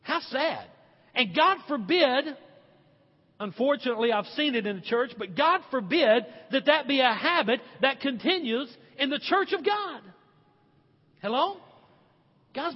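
Male pastor, very high husky voice, lively emphatic sermon, dull recording with long hall reverb. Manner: animated, emphatic, slows for stress.

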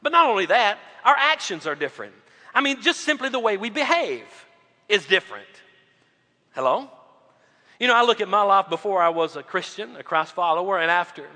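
A male pastor preaching a sermon, swinging between loud emphatic lines and quiet low drops. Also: expressive, fairly quick, long reverb tail.

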